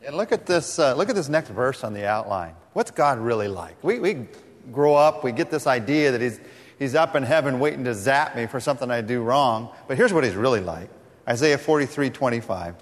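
A man's voice: mid-range voice, expressive, fairly quick, long reverb tail. A man preaching a sermon as pastor, teaching emphatically from scripture.

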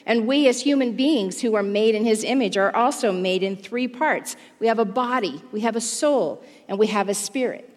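A woman giving a sermon, speaking in a measured teaching manner that slows down on key words. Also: on the high side, in a large hall. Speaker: pastor's wife and teacher.

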